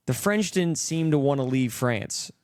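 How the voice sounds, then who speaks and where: A man's voice: medium pitch, lively intonation, measured pace, a little mellow, no room sound, clean studio sound. A young man hosting a podcast, talking loosely with plenty of swearing and acting out the people he quotes. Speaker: podcast host. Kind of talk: casual chat.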